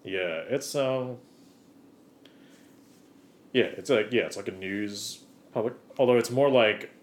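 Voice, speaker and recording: A man's voice: fairly low pitch, slow. A man co-hosting a podcast in a rambling, giggly, casual comedic chat. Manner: giggly, rambling, deadpan teasing. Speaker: podcast co-host.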